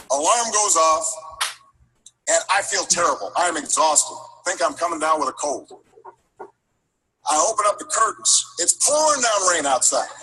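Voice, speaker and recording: A man giving a storytelling speech, building rhythm with repeated phrases and halting restarts. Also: a little high, sharp tone, husky, rough recording. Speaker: political speaker.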